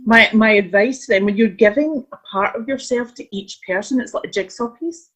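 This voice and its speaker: A woman's voice: medium pitch, brisk, a bit bright, slightly rough. A woman guest giving earnest advice with examples in casual chat. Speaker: guest coach. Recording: dull lo-fi sound.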